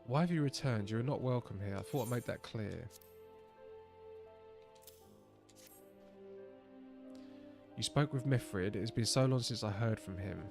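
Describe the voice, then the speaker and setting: A man voicing a stern, weary male rebel elder in a measured, solemn reading. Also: medium pitch, gravelly, a little mellow, faint music behind, natural voice. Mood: grave.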